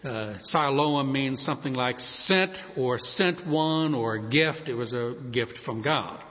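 A male preacher telling a story in a sermon, animated and acting out the scenes. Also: mid-range voice, slow. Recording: dull recording with long hall reverb.

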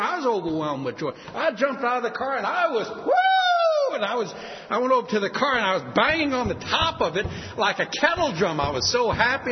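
An older man preaching a sermon, telling stories and acting out voices with sudden high leaps. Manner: animated, acts out quoted voices with big pitch leaps. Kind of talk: sermon storytelling. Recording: dull sound with long hall reverb.

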